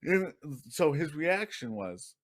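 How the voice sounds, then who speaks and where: With a high-leaning voice and big pitch swings, this young podcast co-host takes his time. The conversation is casual, and he laughs and curses while spinning loose stories.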